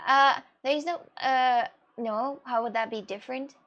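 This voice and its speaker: A Russian woman with a high, light voice, whose first language is Russian, chats casually on her stream. She rambles expressively through viewer questions and laughs often. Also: normal speed, dull audio.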